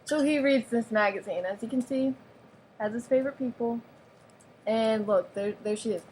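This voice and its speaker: A woman's voice: fairly high pitch, normal speed, a little mellow, slight background noise. A woman giving a playful, mock-serious show-and-tell of a toy, with giggles and sarcastic asides. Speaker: vlogger showing off a toy.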